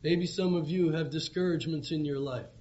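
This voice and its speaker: Earnest, pleading male preacher, mellow tone. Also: a little high, steady tone, a little fast. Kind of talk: evangelistic sermon. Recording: dull lo-fi recording with faint background hum.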